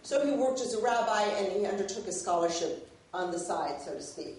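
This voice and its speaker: A woman giving an academic lecture, animated and given to laughing. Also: medium pitch, fairly quick. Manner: animated, laughs while reading a favorite passage. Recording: echoey hall, mic at a distance.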